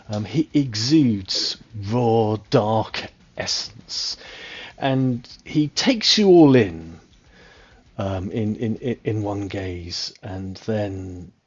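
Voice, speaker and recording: A man narrating a tabletop game as game master, describing scenes with many pauses and fillers. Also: fairly low pitch, breathy edge, highs cut off. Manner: hesitant, many ums, describing slowly.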